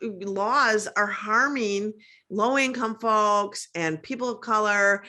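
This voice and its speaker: A woman from Minnesota with a Minnesotan accent, chatting animatedly as a guest on a video call, full of "like". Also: mid-range voice. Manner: animated, quick, peppered with "like". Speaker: guest, comedian and activist. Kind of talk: casual video-call chat.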